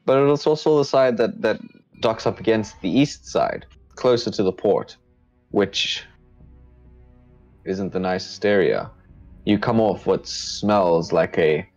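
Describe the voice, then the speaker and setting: A deep-voiced man running a tabletop game, describing grimy streets in a loose, casual narration. The sound is dull and lo-fi, with faint music under it. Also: darkish tone. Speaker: game master.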